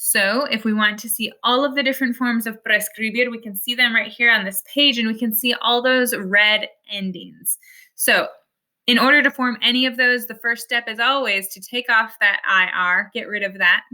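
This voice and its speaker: Bright-voiced woman teaching step by step. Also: a little high, steady tone, moderate pace. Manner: patient, step-by-step explaining. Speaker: Spanish teacher. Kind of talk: explaining slides in a recorded lesson.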